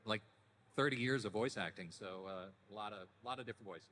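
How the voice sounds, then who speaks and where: A man in his fifties, a voice actor guest at a panel, telling stories casually in a deepened, relaxed voice with frequent restarts. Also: brisk, slight background noise. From Canada. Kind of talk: casual anecdotal panel talk. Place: convention panel hall. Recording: echoey convention hall.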